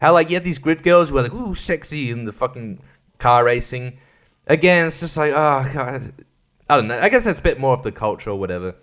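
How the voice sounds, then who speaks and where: A man's voice: medium pitch, lively intonation, fairly quick, a bit bright. A man hosting a casual solo podcast, rambling and crude, swearing and laughing often. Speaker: podcast host.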